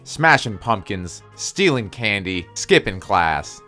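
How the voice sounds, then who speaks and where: A young man tells a story from his own life in a loose, profane way and keeps joking with mock-spooky asides. His voice sits on the low side, with faint music playing beneath him. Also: very animated, slow, bright, forceful tone. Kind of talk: casual story time.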